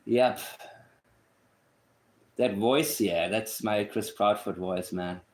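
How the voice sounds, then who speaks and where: A man's voice: on the low side, slow. A man giving casual commentary on a case. He is blunt and opinionated and thinks aloud as he goes. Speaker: true crime commentator.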